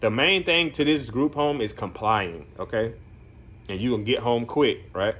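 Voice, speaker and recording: A man's voice: mid-range voice, normal speed, fairly bright tone. A man working as a group home counselor, telling a story in casual vlog talk, rambling with many fillers and earnest, encouraging asides.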